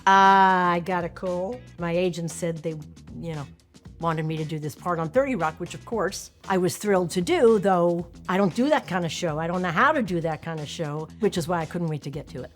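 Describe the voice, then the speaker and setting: Faint music sits behind this actress's lowish voice as she speaks at a moderate pace into a close mic. Hailing from Long Island, New York, she reflects in a casual, candid interview, often self-deprecating.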